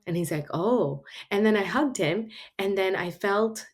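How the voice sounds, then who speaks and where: A woman's voice: mid-range voice, unhurried. A middle-aged woman talking casually as a podcast guest, telling stories animatedly with frequent laughter. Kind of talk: casual conversation.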